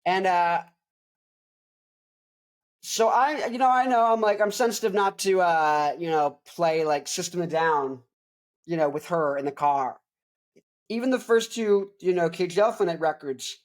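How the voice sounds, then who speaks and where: A man's voice: sits high, measured pace, pauses often. Rambling young man hosting a rock show. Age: young adult. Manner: rambling, digressive, jokey. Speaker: host. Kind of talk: casual album review chat.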